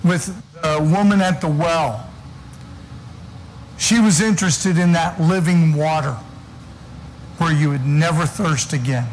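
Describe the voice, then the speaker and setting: Slow, high-voiced preacher man. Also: slight background noise, poor audio. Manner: preaching with slow, weighty emphasis and scripture reading. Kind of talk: sermon.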